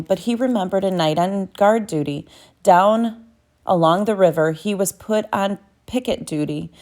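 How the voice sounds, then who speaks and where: A woman's voice: lowish voice, a little mellow. A woman narrating a novel as an audiobook, reading steadily with small self-corrections.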